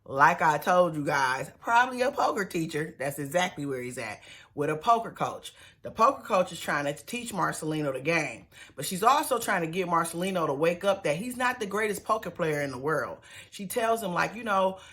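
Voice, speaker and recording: A woman's voice: fairly low pitch, animated, normal speed, fairly bright tone. A woman giving a sassy, chatty recap of a reality show, with slangy asides to her viewers. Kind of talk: casual TV episode recap.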